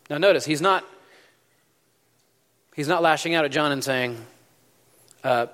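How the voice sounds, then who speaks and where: A man's voice: a little high, unhurried, pauses often, fairly bright tone. A man preaching a sermon, telling a story in a loose, conversational way with many fillers. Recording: long hall reverb.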